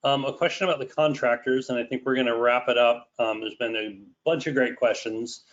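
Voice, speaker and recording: A man's voice: mid-range voice, fairly even intonation. Man moderating a muffled webinar. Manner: measured, reads out audience questions. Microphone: video call. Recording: dull lo-fi call audio.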